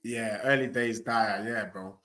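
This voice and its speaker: A man's voice: on the low side, fairly even intonation, a little slow, pushed and bright. Cocky trash-talking streamer man. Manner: cocky, trash-talking, addresses chat directly. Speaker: host of a football watchalong stream. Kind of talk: live stream banter reading chat.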